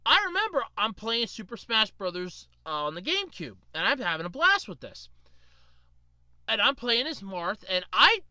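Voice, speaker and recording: A woman hosting a podcast, telling a story in a rambling, animated way with plenty of fillers. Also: on the high side, normal speed, dry recording. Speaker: podcast host. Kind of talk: casual storytelling monologue.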